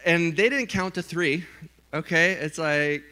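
A man preaching a sermon, telling a funny story with lively, animated delivery and acted-out voices. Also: fairly high pitch, measured pace. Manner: animated storytelling, acts out his own scared voice. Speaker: pastor.

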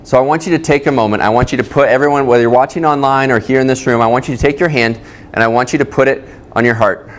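A man's voice: mid-range voice, quick pace. A male pastor preaching a sermon at a church service that is also streamed online, talking conversationally and addressing his listeners directly.

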